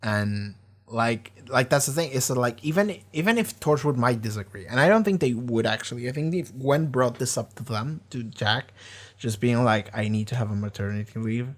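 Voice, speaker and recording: A man gives casual commentary on a TV episode he has just watched. His voice sits at an ordinary middle pitch, and he rambles, restarting his thoughts and peppering them with fillers and swearing. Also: animated, normal speed. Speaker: show reaction host.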